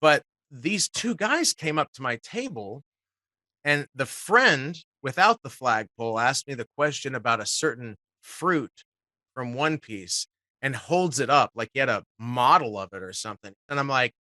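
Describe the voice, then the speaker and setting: A man, a guest voice actor, telling animated stories in casual talk and swearing freely. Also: medium pitch, normal speed, no room sound, clean studio sound. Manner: swears casually, acts out quotes. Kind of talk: animated storytelling.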